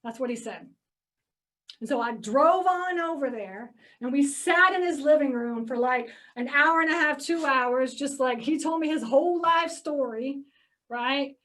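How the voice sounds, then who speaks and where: A woman's voice: sits high, measured pace, fairly bright tone, distant mic. A woman telling a casual story to an audience about buying storage facilities, chatty and full of "like" and "okay?", acting out her phone calls. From Georgia, US. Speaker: real estate investor speaking at a meeting.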